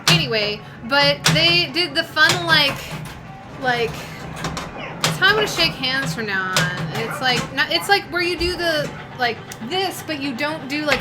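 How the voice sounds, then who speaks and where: A woman's voice: high-pitched, poor audio. A woman with a Midwestern accent, co-hosting a pinball stream in rambling casual chat full of fillers. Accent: Midwestern American. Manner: chatty and rambling, with many fillers. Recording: loud music playing behind the voice. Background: loud background music.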